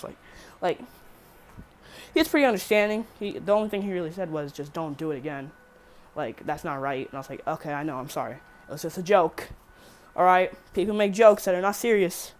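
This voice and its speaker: A woman's voice: lowish voice, animated, brisk. Rambling teen girl telling a story. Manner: rambling, swears freely, self-correcting. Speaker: vlogger. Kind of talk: casual storytime.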